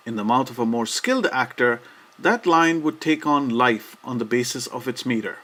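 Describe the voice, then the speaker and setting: A man delivers a scripted lesson in a measured, even manner. His voice sits at an ordinary middle pitch, and he slows deliberately when reciting verse. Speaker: lecturer. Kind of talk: scripted educational narration.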